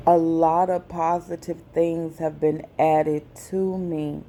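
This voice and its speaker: A woman vlogger, speaking slowly and with feeling in a personal message to her viewers. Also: low-pitched, little pitch movement, mellow, slight background noise. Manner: slow, deliberate, emotional.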